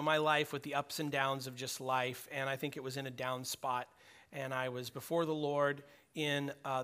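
A man's voice: medium pitch, bright, forceful tone, smooth. A middle-aged man preaching a sermon in a conversational way, acting out prayers and dialogue as he speaks. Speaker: pastor.

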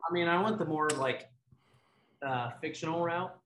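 Male podcast co-host, lively anecdote teller, slightly high voice, echoey room. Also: moderate pace, slight background noise. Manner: animated storyteller. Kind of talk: casual chat. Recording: roomy echo.

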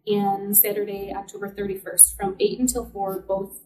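A woman's voice: medium pitch, little pitch movement, normal speed, dark tone, roomy sound, recorded from a distance, slight background noise, poor audio. A woman working as a city clerk, explaining election procedures step by step in an interview. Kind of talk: informational interview answers.

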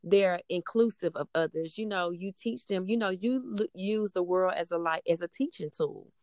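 A woman's voice: lowish voice, moderate pace, darkish tone, dry recording, clean studio sound. A woman in her thirties, a mother, talking casually and rambling with many fillers. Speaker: mother of a middle-school daughter. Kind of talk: casual conversation.

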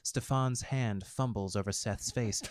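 A man narrating fiction aloud in a wry, expressive storytelling manner. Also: on the low side, measured pace.

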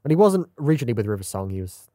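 A man's voice: medium pitch, very animated, rapid-fire, dark tone, dry recording, clean studio sound. A man co-hosting a podcast, chatting casually and quoting favourite lines, often breaking into laughter. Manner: quotes lines with bursts of laughter. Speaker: podcast co-host.

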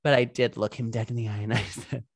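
A man's voice: medium pitch, fast talker, creaky, husky, no echo, studio quality. A young man co-hosting a casual podcast chat, telling a long story with lots of fillers and frequent laughter. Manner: animated, giggly storytelling with many fillers.

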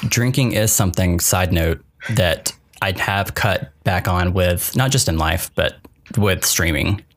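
A man's voice: deep voice, unhurried. A young man co-hosting a podcast in casual chat, laughing often and rambling with restarts. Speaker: podcast co-host.

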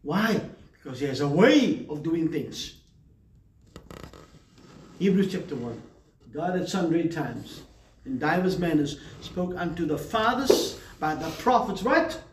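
High-voiced preacher in an echoey hall. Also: male voice, sing-song, a little slow, long pauses, recorded from a distance, noisy background. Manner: emphatic preaching, asks congregation for amens. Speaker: pastor. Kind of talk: sermon. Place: church hall.

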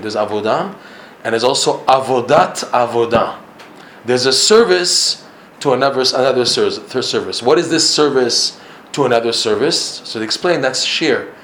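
Delivering a Torah lecture, a religious teacher speaks with emphasis, frequently repeating himself and letting out chuckles. His mid-range voice has a fairly bright tone. The recording carries a little hiss or hum and a roomy echo.

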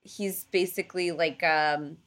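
A woman telling a story in casual chat, animated, full of fillers and casual swearing, acting out voices for the people in it. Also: sits low, a little slow. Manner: animated storyteller, acts out quoted gods in playful voices.

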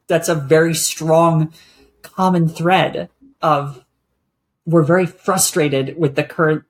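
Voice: medium pitch, fairly even intonation, slow. Reflective podcast guest, searching for words. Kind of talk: casual conversation.

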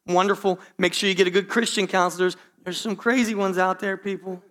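High, bright-voiced man preaching a sermon. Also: flat delivery, a little fast. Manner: preaching to the congregation with many asides and restarts. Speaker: pastor. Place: church.

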